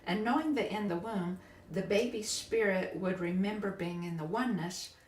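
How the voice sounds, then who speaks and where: A woman podcast host and biofield tuner telling a personal spiritual story in a soft, earnest way, often halting and restarting. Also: medium pitch, slight background noise. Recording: roomy echo, distant from mic.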